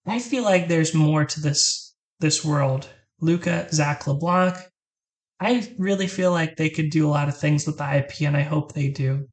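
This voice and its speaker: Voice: mid-range voice, moderate pace. A let's play host giving casual reaction commentary with chatty asides to viewers.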